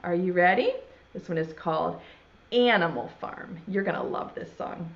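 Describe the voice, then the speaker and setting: A woman's voice: lowish voice, vocal fry, very noisy. Woman, preschool teacher, cheerful, stretches out letter sounds, dull lo-fi recording. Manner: cheerful, sounds out letters slowly for small children. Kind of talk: virtual preschool circle time.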